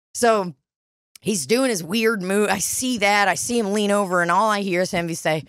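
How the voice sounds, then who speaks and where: A woman spins a bar story, full of swearing, and drops into little voices for the people in it. Her pitch is average for a woman. The sound is dry and close, with almost no room echo. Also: measured pace. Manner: profane, animated, acts out quoted voices. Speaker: podcast co-host. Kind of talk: casual storytelling chat. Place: dining room studio.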